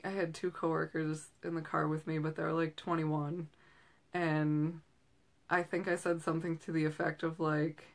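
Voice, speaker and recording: Chatty rambling woman, a bit low. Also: level tone, moderate pace. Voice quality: rambling, chatty with frequent fillers and tangents. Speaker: host and direct seller. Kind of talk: casual chat. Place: small room at home.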